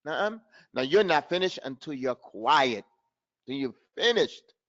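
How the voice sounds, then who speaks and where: A high-pitched man teaching a recitation class, lively and direct, who acts out his students' mistakes and chants verses slowly for them to repeat. The sound is dull and lo-fi, with muffled highs. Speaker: tajweed teacher. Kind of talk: live online recitation lesson.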